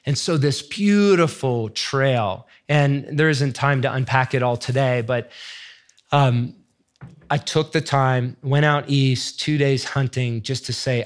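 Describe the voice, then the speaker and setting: A man's voice: mid-range voice, slow, smooth. A middle-aged man giving a heartfelt teaching talk in an earnest, searching, emotional way. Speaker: faith teacher sharing testimony.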